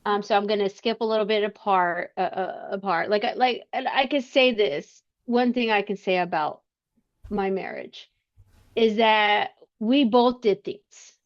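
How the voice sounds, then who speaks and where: A woman as a podcast guest, telling a personal story in conversation, earnest and halting with frequent restarts. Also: mid-range voice. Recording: slightly muffled lo-fi sound.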